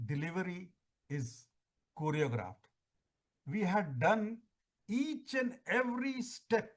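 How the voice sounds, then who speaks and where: A middle-aged man, giving an oratorical talk on contest speaking with emphatic phrasing and deliberate pauses. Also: on the high side. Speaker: public speaking trainer.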